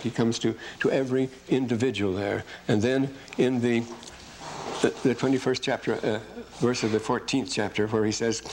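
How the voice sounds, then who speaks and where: A man giving an unscripted lecture on scripture, often losing his place, correcting himself and reading verses aloud with slow emphasis. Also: medium pitch, slight background noise, low-quality recording.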